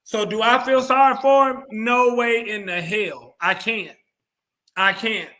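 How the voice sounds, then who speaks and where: A man's voice: sits high, fairly even intonation, measured pace, bright, forceful tone. A man hosting a casual sports talk show, ranting bluntly with plenty of profanity. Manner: mimics others in quoted asides. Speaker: show host.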